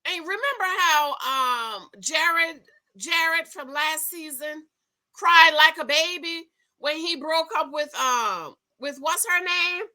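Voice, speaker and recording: A woman casually recapping a reality TV episode, chatty and emphatic, talking straight to her viewers and breaking into excited outcries. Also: high voice, slow pace. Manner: bursts into excited loud outcries. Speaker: TV show recap host.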